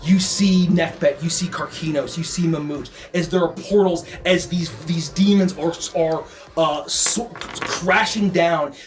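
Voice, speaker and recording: A man's voice: a little high, a little slow, soft background music. A man narrating a tabletop game as game master, with frequent ums and restarts.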